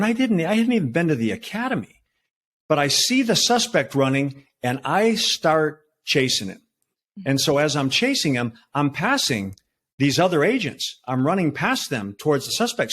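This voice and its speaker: A man in his sixties, a retired federal agent, telling his story as a podcast guest in relaxed talk with fillers and restarts. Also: a little high. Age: 60s. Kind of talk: conversational storytelling.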